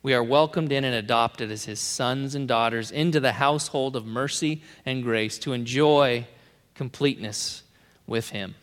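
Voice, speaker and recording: A man preaching a sermon in an earnest way, repeating key phrases and letting his sentences fall to soft endings. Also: medium pitch, normal speed, in a large hall.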